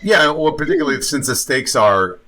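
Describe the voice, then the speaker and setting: Blunt, lively-voiced man reviewing a film. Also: mid-range voice, fairly quick. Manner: blunt, opinionated, swears casually. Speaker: podcast co-host. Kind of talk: casual film review chat.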